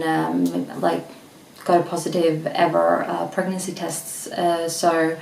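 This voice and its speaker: Swedish girl vlogging, kinda breathless, rambly, raspy low voice, echoey room, mic a bit far. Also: a little mellow, slight background noise. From Sweden. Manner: rambling, frequent restarts and fillers. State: slightly out of breath. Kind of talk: casual pregnancy vlog.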